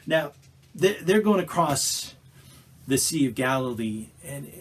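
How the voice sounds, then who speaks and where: A male pastor preaching a sermon in an animated way, acting out scenes and restarting phrases mid-sentence. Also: a little high, slow pace, slightly rough. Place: church.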